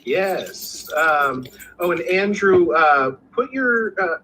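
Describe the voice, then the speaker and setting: A man co-hosting a livestream over a video call, reading viewer questions with plenty of ums and pauses. His voice is fairly high, bright and forceful, with a faint hiss of noise behind it. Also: lively intonation, poor audio. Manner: hesitant, many fillers. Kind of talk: casual video call chat.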